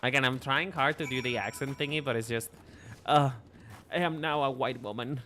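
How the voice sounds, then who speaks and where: A man's voice: medium pitch, normal speed, sharp tone, a little hiss or hum. A man from Mexico, a streamer, chatting casually while playing, joking and correcting himself a lot. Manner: rambling, self-correcting, joking. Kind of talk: casual game commentary. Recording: faint background music.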